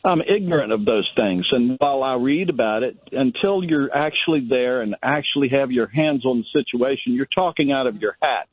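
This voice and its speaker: A man's voice: medium pitch, expressive, normal speed, hardly any pauses, husky, no echo. An older male caller from Virginia, giving his opinions in an emphatic, rambling way. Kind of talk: call-in radio opinion. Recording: dry phone line.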